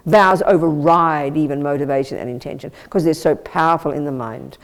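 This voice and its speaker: A woman teaching as a Buddhist nun, giving a blunt, lively, conversational dharma talk and answering questions from her listeners. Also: low-pitched, brisk. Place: Buddhist centre teaching room.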